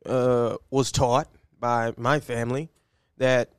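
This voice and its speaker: A man's voice: mid-range voice, level tone, slow pace, smooth, no room sound, clean studio sound. A man co-hosting a casual sports podcast, giving opinionated takes and laughing easily. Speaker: podcast co-host.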